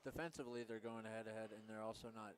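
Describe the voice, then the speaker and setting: A man giving relaxed, joking color commentary at a college basketball game. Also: fairly low pitch, fast. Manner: laid-back, joking.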